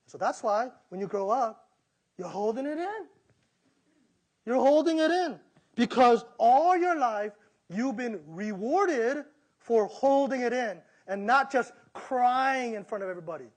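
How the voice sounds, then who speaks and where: A man's voice: very high-pitched, expressive, unhurried. A middle-aged male pastor giving a sermon, preaching with energy and acting out the voices he quotes.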